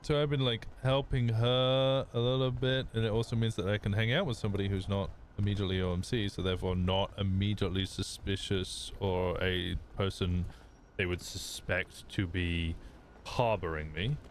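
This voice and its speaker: A man's voice: lowish voice, little pitch movement, moderate pace, a little hiss or hum. A man chatting casually in character during a role-play stream, rambling through a story with restarts. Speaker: streamer playing a wanted character.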